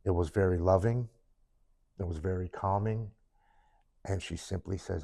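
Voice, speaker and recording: Deep-voiced man, earnest storyteller. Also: steady tone, normal speed, mellow. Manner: earnest, tells the past in the present tense. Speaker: podcast guest. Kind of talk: personal recovery story in a sit-down interview. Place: studio, in person with hosts.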